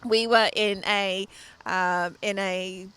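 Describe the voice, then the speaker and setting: A middle-aged woman co-hosting a studio chat show, telling stories in a lively way and laughing often. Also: medium pitch, takes it slowly, clear, resonant tone. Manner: lively storyteller, laughs often, acts out voices. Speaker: TV show co-host and fitness business owner. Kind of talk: chatty anecdote on a studio show.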